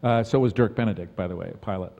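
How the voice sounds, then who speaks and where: A man's voice: fairly low pitch, racing, creaky, mellow, highs cut off. An older man as a convention panel guest, chatting with stammered restarts and laughs. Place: convention hall. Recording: reverberant convention hall.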